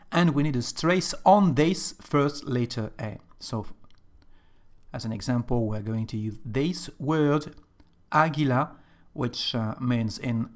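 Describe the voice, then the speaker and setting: Slow, patient male language teacher. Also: mid-range voice, darkish tone. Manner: slow, patient, repeats examples. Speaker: Spanish teacher. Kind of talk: explanatory lesson.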